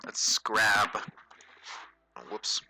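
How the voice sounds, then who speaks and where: A man hosting a livestream drawing tutorial, narrating casually as he works and thinking aloud with fillers and quick self-corrections. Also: lowish voice, expressive, gravelly, sharp tone, no echo, whispered, poor audio.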